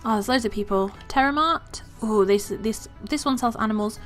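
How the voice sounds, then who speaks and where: A woman hosting a let's play, chatting casually and excitedly about what she sees in the game. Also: fairly high pitch, moderate pace, faint music behind. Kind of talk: casual gameplay commentary.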